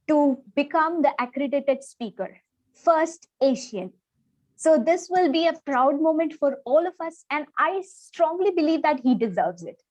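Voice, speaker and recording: A woman's voice: sits high, a little mellow, dry recording, muffled recording. A woman speaking earnestly at an online club meeting, persuasive and repeating key phrases for emphasis. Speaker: club member promoting a workshop.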